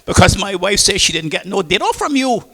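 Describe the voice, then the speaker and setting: A man's voice: high-pitched, big pitch swings, brisk, creaky, fairly bright tone, pitched above the performer's own voice, full character voice. A Caymanian man doing a stammering young sailor. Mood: deferential. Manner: deferential, stammering. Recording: reverberant hall.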